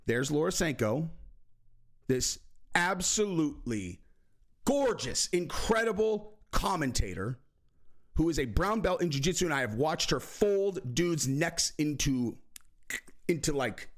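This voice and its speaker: Animated joking man. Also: on the high side. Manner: animated, profane, jokey, many fillers. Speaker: host. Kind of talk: casual vlog commentary.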